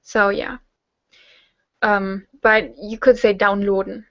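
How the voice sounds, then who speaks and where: A woman's voice: medium pitch, level tone, slow pace, no echo, dull audio. A young German woman answering viewer questions in a casual online hangout, rambling with lots of fillers as she reads questions aloud and answers them.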